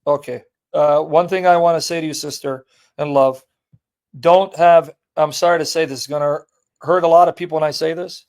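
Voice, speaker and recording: A man's voice: a little high, fairly even intonation, moderate pace, a little mellow. A man hosting a live call-in debate stream, talking in a blunt, joking, casual way.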